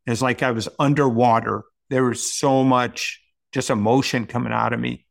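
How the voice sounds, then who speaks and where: An earnest man recounting a hard personal experience as a guest on a talk show. His voice sits at an ordinary middle pitch, and he speaks in a heartfelt, storytelling way. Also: fairly even intonation, normal speed, vocal fry.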